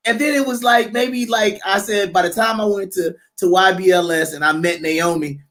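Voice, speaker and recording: A man's voice: sits high, moderate pace. A man co-hosting a podcast, chatting casually about politics, acting out the voices of people in his story. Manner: animated storyteller, acts out quoted voices. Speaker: podcast co-host.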